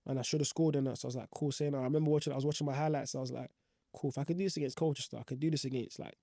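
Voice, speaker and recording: A man's voice: mid-range voice, fairly even intonation, racing, creaky, warm tone, no room sound, studio quality. A young man, recounting his football career in slangy, rambling casual talk full of fillers. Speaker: professional footballer guest. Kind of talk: casual storytelling.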